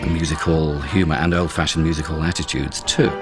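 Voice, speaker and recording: A man narrating a documentary in a measured, considered way. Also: rumbling low, steady tone, loud music behind the voice.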